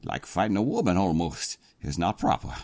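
A man reading a gruff, swaggering president in a comic podcast reading, laughing often. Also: deep voice, huge pitch swings, normal speed, a little mellow, no echo. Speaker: comedy podcast co-host.

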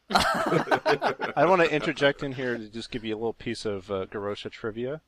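Lively mid-pitched man reading dryly. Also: normal speed, a crowd in the background. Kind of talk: casual comedic reading and chat.

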